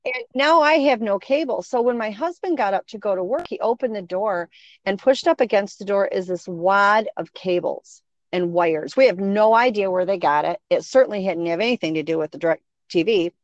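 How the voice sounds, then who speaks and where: A woman's voice: mid-range voice, moderate pace, no room sound. Middle-aged woman, casual storyteller, acts out quotes, muffled close sound. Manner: animated, acts out quoted voices. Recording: dull, dry sound.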